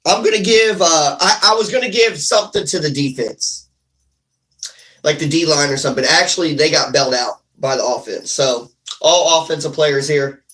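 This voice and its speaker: A man giving an excited fan recap of a football game, animated and ranting, repeating himself. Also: a little high, normal speed, poor audio. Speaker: sports fan vlogger.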